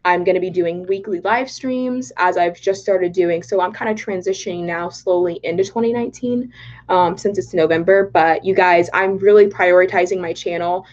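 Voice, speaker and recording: A young woman from Dallas with a Texan accent, chatting excitably on a livestream and reading viewer comments aloud. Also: on the low side, normal speed. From Texas, Dallas. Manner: bubbly and excitable, reads chat aloud. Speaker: political vlogger. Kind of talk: casual livestream chat. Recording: dull lo-fi livestream audio.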